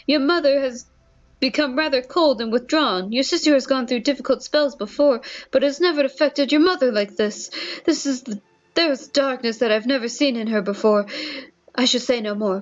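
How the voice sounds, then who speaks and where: A loyal, anxious old manservant speaks politely and deferentially, as a woman puts him on in a game. His voice is pitched noticeably high. The recording sounds dull and lo-fi. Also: moderate pace, natural voice. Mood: grave. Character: worried loyal old male butler.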